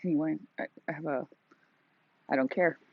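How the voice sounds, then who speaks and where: American woman just rolled outta bed, husky breathy voice, rambly ASMR smoking chat, dry dull lo-fi sound. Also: deep voice, steady tone, no room sound. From United States. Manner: rambling and self-mocking, drawn-out words, exhales between phrases. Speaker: ASMR smoking channel host. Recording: dry, slightly dull lo-fi recording.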